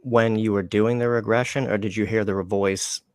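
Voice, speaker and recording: Low-voiced curious male host. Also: fairly even intonation, moderate pace, clean tone, no echo. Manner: curious, tentative musing. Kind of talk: casual interview questions.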